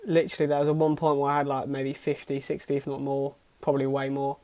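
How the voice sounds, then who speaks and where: A man's voice: medium pitch, completely flat delivery, fast talker, darkish tone. Sweary young man. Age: young adult. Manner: sweary, self-mocking, laughs at himself. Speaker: YouTuber. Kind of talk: casual reaction commentary.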